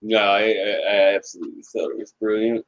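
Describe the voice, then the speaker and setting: A man's voice: fairly low pitch, level tone, fairly quick, lo-fi sound. An American man co-hosting a casual podcast, laughing often, retelling scenes with put-on voices and swearing bluntly. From United States. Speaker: podcast co-host.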